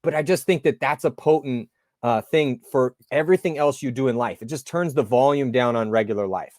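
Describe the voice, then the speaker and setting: A man's voice: mid-range voice, brisk, darkish tone, dry recording, studio quality. A man hosting an interview, chatting in a laid-back way and telling stories. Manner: laid-back storyteller, calls the guest dude. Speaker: interview host. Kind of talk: casual interview chat.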